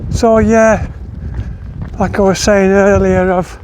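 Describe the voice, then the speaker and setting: A long-distance walker vlogs casually while hiking a trail over windy hills and moors, out of breath as he climbs. He's chatty, rambling, and corrects himself, speaking slowly in a high voice with little pitch movement.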